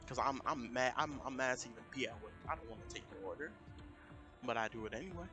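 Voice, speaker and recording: Mężczyzna gawędzący z ożywieniem, muzyka w tle. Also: male voice, medium pitch, fast. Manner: animated ranting, quoting people in raised voices. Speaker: streamer. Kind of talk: casual storytelling rant on a live stream. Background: music.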